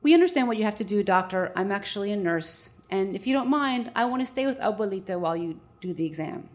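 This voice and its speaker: A woman voicing a calm, gentle young man, a nurse and grandson, in a steady voice. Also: medium pitch, quick pace, lightly acted. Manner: calm, steady, soft-spoken.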